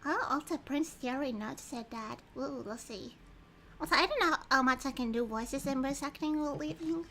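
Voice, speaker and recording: Woman game streamer, casual and chatty, many ums; high pitched, crisp and bright. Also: moderate pace, a little hiss or hum. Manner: chatty, giggly, frequent ums. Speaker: streamer playing a story game. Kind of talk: casual livestream chat and reading game text aloud.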